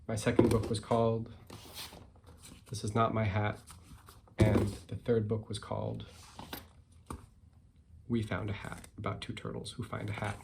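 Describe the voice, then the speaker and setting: Relaxed man reading his picture book. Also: on the low side, measured pace, gravelly, long pauses, background noise. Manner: relaxed, self-deprecating, with fillers. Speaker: picture book author and illustrator. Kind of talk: reading aloud and talking about his book.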